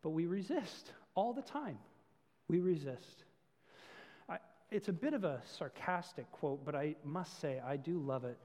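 A man's voice: fairly high pitch, lively intonation, a little slow, darkish tone, in a large hall. A man preaching a sermon as pastor, telling stories earnestly with self-deprecating asides.

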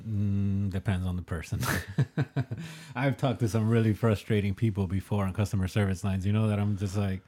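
Jokey low-voiced man. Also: steady tone, warm tone. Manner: jokey, quick interjections, laughs often. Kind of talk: casual chat.

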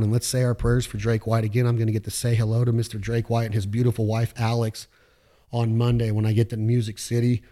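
A man's voice: mid-range voice, warm tone. A man hosting a podcast, talking casually in a fired-up, preachy pep-talk way with slang and swearing. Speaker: podcast host.

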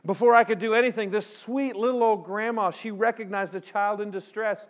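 A man giving a storytelling sermon to students in front of a live audience, acting out voices and turning quiet and earnest toward the close. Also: sits high, brisk. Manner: animated storyteller who acts out voices.

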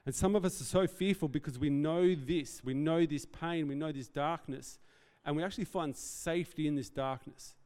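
A man delivers an earnest, conversational sermon, breaking into self-deprecating asides between his points. His voice is warm and mellow. He is heard in a hall with long reverb. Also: on the high side, normal speed, hardly any pauses. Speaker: pastor.

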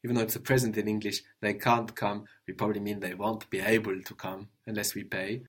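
A man teaching a language lesson, patiently prompting his student with questions and gently correcting answers. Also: fairly low pitch, flat delivery, a little fast, breathy edge.

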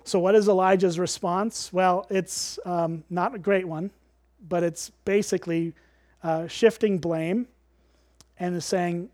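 This man teaches from a Bible passage at a slightly slow pace, his voice high and light, his manner easygoing. Rhetorical questions and check-ins with his listeners come up again and again, recorded close and dry with no echo.

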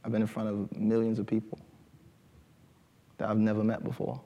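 A man giving an animated talk to a live audience in a lecture hall, often asking "right?". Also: fairly low pitch, moderate pace, vocal fry.

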